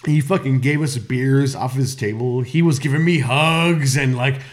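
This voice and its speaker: A tipsy man on a podcast, telling a story in casual chat with loud laughs and swearing. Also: medium pitch, normal speed. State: tipsy from drinking. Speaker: podcast co-host.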